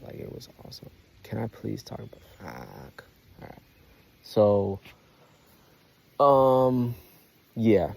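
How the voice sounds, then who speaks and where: Young man, deep voice, gravelly, rambling profane vlog monologue, emphatic, stumbles and restarts. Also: darkish tone. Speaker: vlogger.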